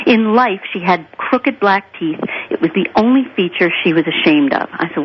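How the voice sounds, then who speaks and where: A woman's voice: mid-range voice, lively intonation, fairly quick, hardly any pauses, dull audio, slight background noise. A woman guest on a radio show, telling stories in an emphatic, earnest way. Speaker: guest therapist and author. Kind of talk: radio interview.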